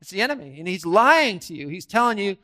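High-voiced male preacher, animated sermon. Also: fast. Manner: interactive, quizzes the audience and jokes; swings from quiet asides to loud emphatic bursts. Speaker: guest preacher.

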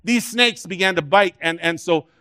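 Pastor guy preaching hard, kinda high voice, dry close mic, gets loud then soft. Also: moderate pace, clean tone, no room sound. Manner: dynamic preaching, swelling loud and high on key points. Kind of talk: sermon.

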